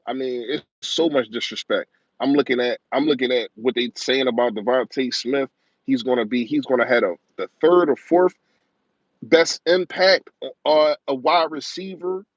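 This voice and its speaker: A man's voice: medium pitch, dry recording, highs cut off. A man hosting a live-stream sports show. He talks in a passionate, rambling rant, repeating his points for emphasis and speaking emotionally about his team. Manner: passionate, rapid, ranting fan talk with emphatic repetition. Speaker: live-stream football talk host.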